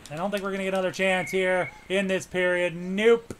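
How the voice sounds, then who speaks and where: A high-pitched, bright young man calling a hockey video game like a fan. He mutters between plays and bursts into shouts on the big saves. A faint hiss of noise sits under his voice. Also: flat delivery, fairly quick. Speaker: let's play host. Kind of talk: excited play-by-play game commentary.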